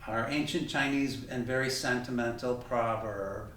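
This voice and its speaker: A man's voice: a little high, unhurried. A man teaching a tai chi class over video, chatty and correcting himself as he demonstrates moves in a training room. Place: training room with heavy bag. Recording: very echoey room, distant mic, faint hiss.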